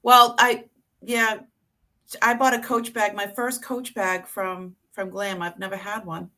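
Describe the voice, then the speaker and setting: Slow, chatty woman showing items for sale. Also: mid-range voice, flat delivery, pushed and bright. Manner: describes items in detail, chatty. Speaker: reseller presenting items. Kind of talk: casual live-stream selling.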